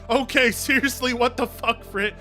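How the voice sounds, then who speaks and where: A man chatting casually on a live stream, excitable, joking and swearing. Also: very high voice.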